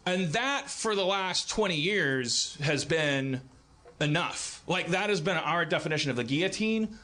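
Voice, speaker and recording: A man in his forties hosting a live comedy podcast, rambling through a monologue with frequent restarts and shrill mocking impressions. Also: expressive, a little slow, pushed and bright. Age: 40s. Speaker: podcast host. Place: live venue stage.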